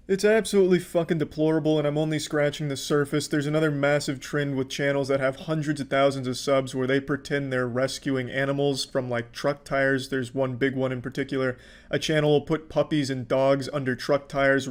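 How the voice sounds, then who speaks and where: A young man giving a casual commentary monologue in a deadpan, flat delivery, swearing often. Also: mid-range voice. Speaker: commentary YouTuber.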